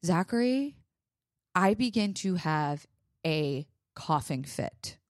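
Young woman, podcast co-host, casual chat, animated storyteller, dry close mic. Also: on the low side, takes it slowly, no room sound. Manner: animated storytelling, acts out quotes, frequent "like".

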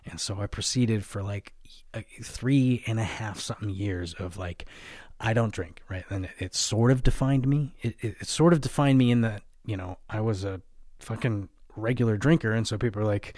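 A man's voice: fairly low pitch, normal speed, darkish tone, no room sound, clean studio sound. A young man telling his own story in a candid, confessional way, swearing often and tagging lines with "right?". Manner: candid, profane, fillers of "right?" and "like". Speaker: podcast host.

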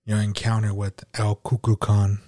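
A man's voice: on the low side, completely flat delivery, moderate pace, a little mellow, no echo, clean studio sound. A man hosting a casual podcast chat, giving short prompts and backchannels. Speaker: podcast host.

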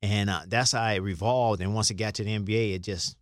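Low-voiced middle-aged man, rambling stories. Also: steady tone, quick pace, dry recording, clean studio sound. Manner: loose, rambling, repeats words, laughs while telling stories. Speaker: interview guest, former basketball player. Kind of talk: casual storytelling interview.

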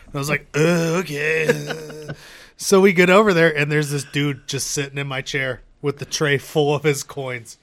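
Bright-voiced man telling a rowdy story. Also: a little high, fairly even intonation, fairly quick, no room sound. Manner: laid-back, profane storytelling with laughs and acted quotes. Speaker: podcast co-host telling a story. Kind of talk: casual chat.

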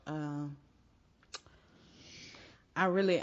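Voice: mid-range voice, steady tone, a little slow, long pauses. A podcast co-host in casual chat, teasing and sarcastic about pop culture. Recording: dull lo-fi sound with long reverb.

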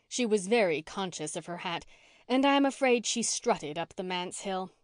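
In a clean studio with no room sound, a woman with a mid-range voice reads a classic novel for an audiobook. Her scripted narration is measured and expressive.

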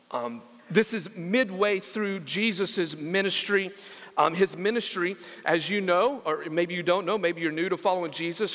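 High, bright-voiced preaching pastor. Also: male voice. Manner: animated preaching, repeats words, asks the congregation to respond. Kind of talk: sermon. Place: church sanctuary. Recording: long church hall reverb.

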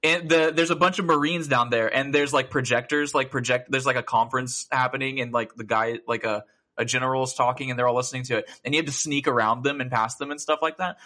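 A young man co-hosting a casual gaming podcast, telling stories in an animated way, full of swearing and laughter. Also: mid-range voice, fast. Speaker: podcast co-host.

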